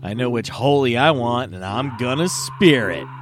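A man's voice: mid-range voice, animated, normal speed, over music, lightly acted. A man voicing a pleading, scheming male carpenter in a wheedling tone.

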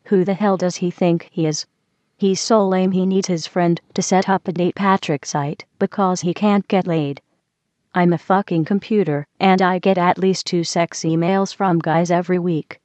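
A man's voice: sits high, fairly even intonation, normal speed, darkish tone, dry recording, pitched above the performer's own voice, natural voice. A man voicing a profane, hotheaded female computer sidekick. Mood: furious. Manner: profane, ranting, petulant. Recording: dull lo-fi recording.

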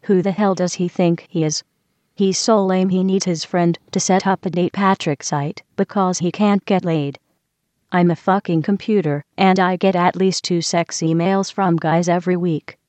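A synthetic female voice playing a foul-mouthed computer assistant, with a flat machine delivery. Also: on the low side, normal speed, no echo, natural voice. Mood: angry.

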